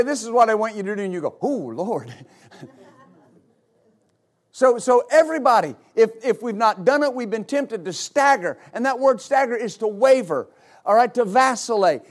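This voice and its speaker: A male pastor preaching a sermon, rising into repeated, shouted exhortations to his congregation. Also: very high voice. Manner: builds to shouted, repetitive exhortation.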